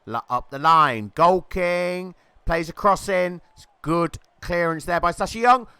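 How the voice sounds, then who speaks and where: A man gives playful, jokey commentary on a video game football match, breaking into excited shouts at near misses and goals. His high voice is crisp and smooth, and he speaks a little slowly. The recording is close and dry, with no room sound.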